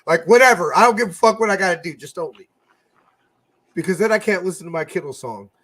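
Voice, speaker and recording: A man co-hosting a casual sports fan podcast, profane and excitable, swinging between loud bursts and mutters. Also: high-pitched, fast talker. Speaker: podcast co-host.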